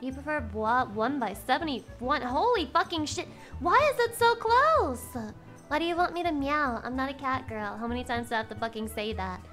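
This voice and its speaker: Woman streamer, high and bright, loud, swearing, excitable, strained cracking voice, faint music underneath. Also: moderate pace. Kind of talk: casual chat with a live audience.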